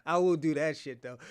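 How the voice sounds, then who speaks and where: A man's voice: sits high, a bit bright. A man hosting a channel, giving blunt, profane casual commentary with laughing asides.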